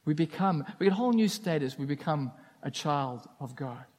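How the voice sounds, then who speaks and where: Male preacher, fairly high voice, earnest and emphatic sermon delivery. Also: animated, fairly quick, darkish tone.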